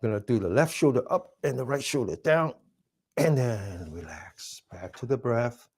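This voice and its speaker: Male instructor, mellow voice, calm step-by-step cues, whispers breathing lines. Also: mid-range voice, moderate pace, husky. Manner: drops to a soft whisper for breathing phrases. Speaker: mindfulness exercise instructor. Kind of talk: guided movement and breathing class.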